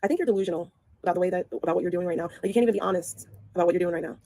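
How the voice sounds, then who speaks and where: A woman's voice: on the low side, warm tone, no echo. A mother chatting on a livestream, defensive and insistent about her daily routine. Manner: defensive, insistent, talks fast. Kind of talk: casual livestream chat.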